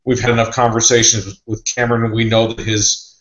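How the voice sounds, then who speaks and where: A man's voice: mid-range voice, little pitch movement, quick pace, fairly bright tone, reverberant, muffled recording. A man who reports on sports recruiting, talking in a loose, rambling, conversational way. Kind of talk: casual podcast chat.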